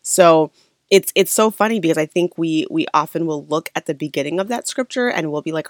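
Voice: medium pitch, brisk, no room sound, studio quality. An earnest speaker from Saint Paul, Minnesota, talking through scripture in a conversational devotional teaching style, with frequent restarts.

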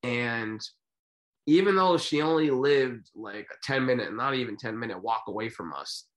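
A man co-hosting a podcast, telling stories in a casual, rambling, animated way. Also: medium pitch, moderate pace. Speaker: podcast co-host. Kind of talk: casual chat.

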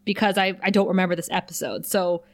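A woman's voice: fairly low pitch, fast talker. A woman co-hosting a podcast, chatting casually and animatedly as she recaps a TV episode. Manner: chatty, animated, laughs often. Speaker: podcast co-host.

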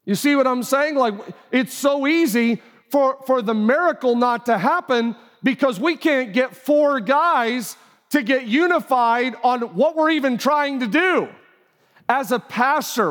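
A church auditorium's long reverb surrounds a pastor preaching in a very high voice with a fairly bright tone. His sermon is conversational, and he acts out the voices he quotes.

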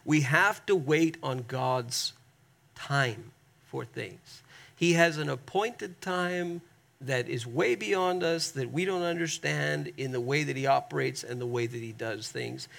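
Gravelly-voiced male preacher, emphatic. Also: mid-range voice, fairly bright tone. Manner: emphatic, drawn-out stresses, asks the congregation to repeat. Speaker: pastor. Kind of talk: sermon.

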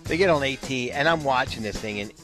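A man's voice: mid-range voice, fast talker, over music. A man co-hosting a casual talk show, telling a story with frequent restarts and fillers. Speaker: co-host. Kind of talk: casual golf chat.

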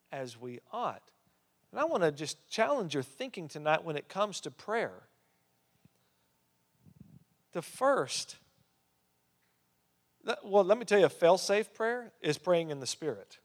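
Man preaching in a reverberant church. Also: fairly high pitch. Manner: preaching with emphatic rises and hushed drops. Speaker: pastor. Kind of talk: sermon. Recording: long hall reverb.

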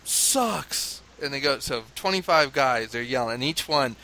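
Animated storytelling American man, bright voice. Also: medium pitch, fairly quick, slight background noise. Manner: animated storyteller, laughs often, mimics crowd chants. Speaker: father telling a story. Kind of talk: casual conversation, anecdote.

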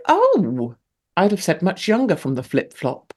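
A woman hosting a show in a casual, rambling monologue. She laughs often and her pitch leaps up sharply for emphasis. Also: huge pitch swings, takes it slowly, darkish tone. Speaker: show host.

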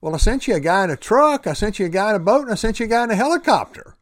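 A man voicing God, calmly explaining to a drowned man in a matter-of-fact way. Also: high-pitched, racing, no echo, studio quality, pitched above the performer's own voice. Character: calm patient God answering a drowned man.

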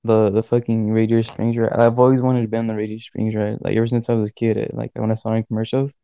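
A man's voice: on the low side, completely flat delivery, quick pace, gravelly, warm tone, smooth, dry recording, lo-fi sound. A young man in his late teens, co-hosting a podcast, telling a story in a laid-back way full of filler words. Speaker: podcast co-host. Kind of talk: casual storytelling chat.

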